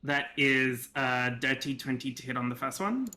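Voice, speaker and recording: A man player working through his turn in a tabletop game, hesitant with many pauses and ums. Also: mid-range voice, bright, forceful tone. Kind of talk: casual game talk.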